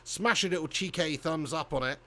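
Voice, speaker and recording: A man's voice: on the high side, a little fast, sharp tone. An English man hosting a football watch-along live stream, chatty and jokey, reading out viewer comments. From England. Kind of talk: live-stream chat and shout-outs.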